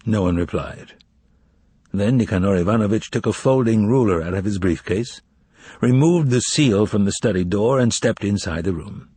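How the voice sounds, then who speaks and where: Husky, lively male audiobook narrator. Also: on the low side, moderate pace, dry recording. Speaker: audiobook reader. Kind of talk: expressive novel narration.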